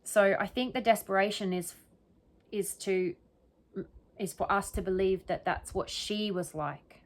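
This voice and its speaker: A woman giving casual solo commentary that analyzes the wording of an interview, thinking aloud and often checking in with "right?" and "okay?". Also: mid-range voice. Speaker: true crime commentator.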